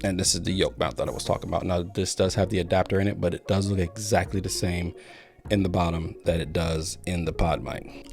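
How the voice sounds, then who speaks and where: A man's voice: deep voice, creaky, darkish tone. A man giving a casual, explanatory tech review in a home studio, sometimes repeating words as he thinks. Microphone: studio microphones being compared.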